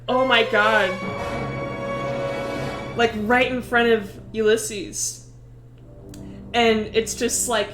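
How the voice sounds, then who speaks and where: A young woman streamer retelling game lore in a casual, animated way, swearing and often breaking into laughter. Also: medium pitch, roomy sound.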